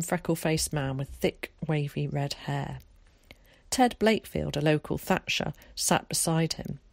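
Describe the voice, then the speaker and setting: A woman narrating an audiobook in a calm, measured way. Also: deep voice, dry recording.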